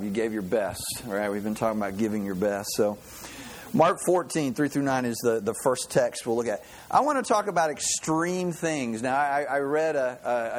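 A middle-aged man delivering a sermon in a relaxed, folksy manner. He stops and restarts often, doubling words before he finds his thread. His pitch sits in an ordinary male middle range. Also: a little hiss or hum. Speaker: pastor.

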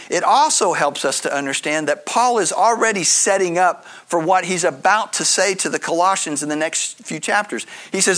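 Pastor with a higher voice. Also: male voice, fairly quick, hardly any pauses, fairly bright tone. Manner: earnest, teaching, conversational asides. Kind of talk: sermon.

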